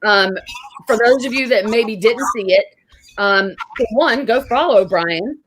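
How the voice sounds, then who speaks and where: A woman's voice: a little high, unhurried, a bit bright, rough recording. A woman hosting an interview show, chatting casually and enthusiastically with her guest over a video call. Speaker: show host.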